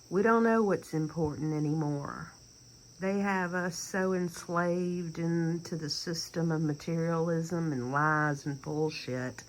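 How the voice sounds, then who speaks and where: In this low-quality recording with slight background noise, a middle-aged woman with a Southern accent rambles emphatically in a personal rant, occasionally falling to a near whisper. Her voice is on the low side.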